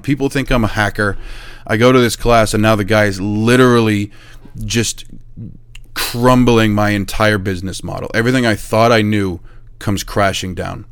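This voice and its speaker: A middle-aged man with a low voice tells a story about his own business in a casual, lively way. He acts out both sides of the conversations he describes and laughs at his past mistakes. The recording is dry and close, with no room sound. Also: normal speed, clean tone, dry recording. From New Hampshire, USA. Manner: animated, acts out quoted exchanges, self-deprecating laughs. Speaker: chimney service business owner.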